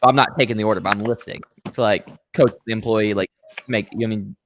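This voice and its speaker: A man's voice: fairly low pitch, fast talker, a little hiss or hum. A man hosting a podcast who tells a long story, acting out every character's lines with plenty of swearing. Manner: animated storyteller who acts out both sides, profane. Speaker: podcast host. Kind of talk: casual storytelling chat.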